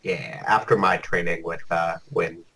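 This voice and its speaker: A man's voice: sits low, steady tone, unhurried, bright, forceful tone, husky. A man playing in a tabletop game over voice chat, laid-back with short replies. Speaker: player. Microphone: online voice chat mic.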